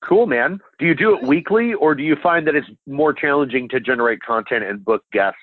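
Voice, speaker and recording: A man's voice: medium pitch, animated, a little fast, dry recording. A man in a podcast interview, joking in a teasing, mock-formal way and stammering on restarts. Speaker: interview guest. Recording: tinny phone-like call audio.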